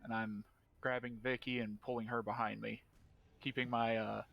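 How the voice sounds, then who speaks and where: A man playing in a tabletop game, calmly describing what his character does. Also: medium pitch, moderate pace, creaky, dull audio. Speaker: player. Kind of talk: casual tabletop play.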